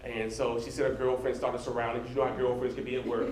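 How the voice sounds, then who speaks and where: A man, a motivational speaker, telling a story in an animated, conversational way to a live audience in a large room. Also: mid-range voice, fast, reverberant, slight background noise, poor audio.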